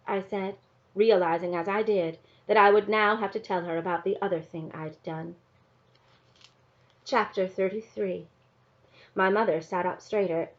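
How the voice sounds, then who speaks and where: A woman teacher reading a novel aloud to her class in a measured, calm narrating voice. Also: mid-range voice. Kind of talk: storybook read-aloud narration. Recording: dull lo-fi recording.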